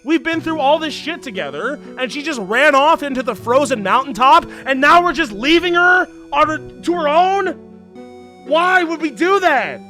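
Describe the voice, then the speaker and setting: High, bright, ranting young streamer. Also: male voice, normal speed, faint music behind. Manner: excitable, ranting, profane, often shouting. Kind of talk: let's play commentary.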